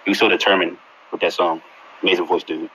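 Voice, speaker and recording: A man judging a singing contest over a video call, quick and enthusiastic in casual slang. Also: deep voice, flat delivery, a bit bright, a little hiss or hum, rough recording. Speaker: contest judge.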